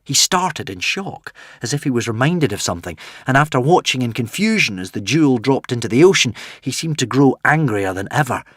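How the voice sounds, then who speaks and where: A man narrating a fantasy audiobook in an expressive, dramatic way. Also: mid-range voice, a little fast, few pauses, dry recording, clean studio sound. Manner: dramatic, varied delivery.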